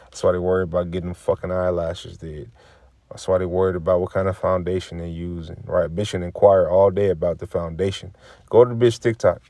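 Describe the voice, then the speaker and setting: Guy with a lowish voice riffing on scripture, cussing, repeating himself, dry close sound. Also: little pitch movement, a little fast, dark tone, dry recording. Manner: preachy, profane, repeats phrases, acts out quoted remarks. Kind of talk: casual religious commentary reading scripture.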